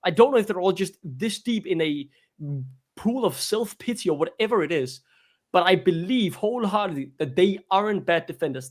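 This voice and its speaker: Male fan co-host, fairly high voice, emphatic and passionate, casual chat. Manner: passionate, emphatic, repeats himself.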